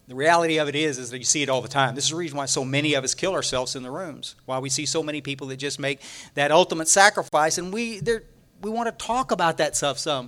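A middle-aged man speaks at a recovery meeting in a slightly high voice, stumbling over his words and circling back on himself. He talks in a loose, unscripted way, stacking fillers and false starts before he lands a thought. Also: fairly bright tone. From Texas. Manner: halting, repeats words, many fillers and restarts.

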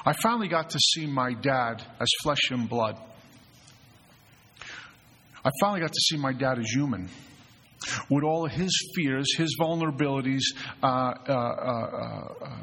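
A middle-aged man with a husky voice gives an earnest recovery talk to a group, telling personal stories with many restarts and stammered fillers. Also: medium pitch, lively intonation, unhurried, pauses often, pushed and bright. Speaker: retreat facilitator. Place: mountain retreat hall. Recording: echoey hall recording.

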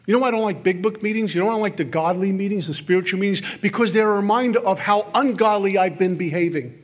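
A middle-aged man speaking at a recovery workshop, telling stories and acting out the voices in his head for a live audience. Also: high voice. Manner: storytelling, acts out inner voices with quick asides. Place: meeting hall with audience.

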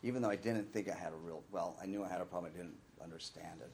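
A man's voice: low voice, fast, creaky, darkish tone, slight background noise. A middle-aged man telling his own recovery story in a candid, rambling way, sometimes acting out the voices of the people he quotes. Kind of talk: personal recovery talk.

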